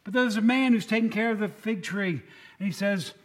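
High-voiced man preaching a chatty sermon. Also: a little fast. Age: 50s. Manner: conversational storytelling, folksy asides to the congregation.

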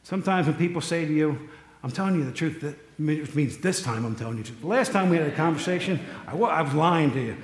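A man's voice: fairly high pitch, lively intonation, fast talker, hardly any pauses, reverberant. A man preaching a casual sermon, talking conversationally with joking asides to his congregation. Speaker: pastor.

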